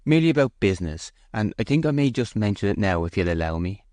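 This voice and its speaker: A man doing a steadfast country farm manager, low-pitched and hesitant, plain-spoken as he stammers through awkward talk. The read is dry and close. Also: sing-song, fast talker, darkish tone, dry recording. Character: shy steadfast male shepherd and farm manager. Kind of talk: audiobook character voice.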